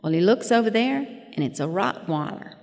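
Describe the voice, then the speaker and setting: A woman in her fifties, with a mid-range voice, lively intonation and some vocal fry, speaks at normal speed while sharing her story at a recovery meeting. The humorous, folksy testimony is self-deprecating and full of chuckling asides. The recording is very noisy, with long hall reverb.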